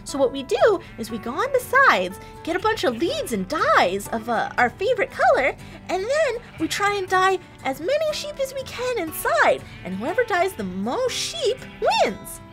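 A woman's voice: very high-pitched, wildly swooping pitch, normal speed, few pauses, over music. A woman hosting a kids' game let's-play in a bubbly, exaggerated, sing-song way. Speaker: kids' show host.

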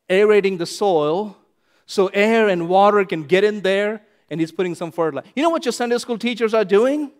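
High-voiced, animated pastor. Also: male voice. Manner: animated, repeats lines for emphasis, swings from loud to hushed. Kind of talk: sermon.

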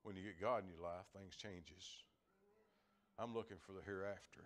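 A man's voice: low voice, fairly even intonation, normal speed. Folksy older man preaching. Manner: folksy, repeats words, chuckles while preaching. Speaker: lay preacher. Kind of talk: folksy sermon.

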